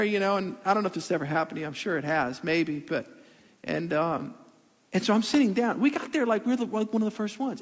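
A man preaching a sermon as a pastor, telling a story in an animated way with comic asides. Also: high voice. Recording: long hall reverb.

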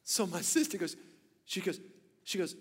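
High-voiced animated preaching man. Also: moderate pace, husky, in a large hall. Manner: animated storytelling, swings between loud emphasis and hushed whispers. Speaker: pastor. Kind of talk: sermon.

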